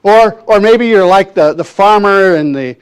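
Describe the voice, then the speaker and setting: A man preaching a sermon in a church, telling a folksy story with many fillers and pauses. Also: high voice, clean tone. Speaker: minister.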